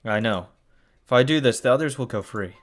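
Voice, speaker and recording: Soft music plays behind a man reading a visual novel for a let's play, his medium-pitched voice moving fairly quickly. He groans and curses in shock between the lines he reads.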